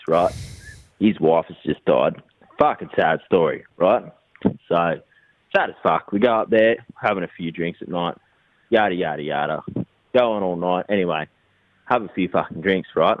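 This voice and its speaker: Brief: Australian male caller, sweary rambling yarn, lowish voice, dull phone-message sound. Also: no room sound. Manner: crude, rambling storytelling with heavy swearing. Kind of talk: recorded voicemail story.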